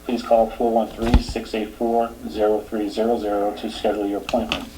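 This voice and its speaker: Low, flat-voiced man with a Boston accent. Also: moderate pace, over music, rough recording. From Boston area. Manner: reads announcements steadily, trails off quietly. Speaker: board chair. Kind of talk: chairing a town meeting.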